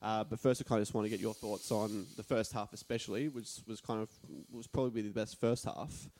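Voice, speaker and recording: A man's voice: lowish voice, steady tone, a little fast, a little mellow, a little hiss or hum. A young Australian man with a nasal voice hosts a casual podcast chat. He rambles through stories about himself and pokes fun at himself along the way. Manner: rambling, self-mocking storyteller. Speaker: podcast host. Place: share house.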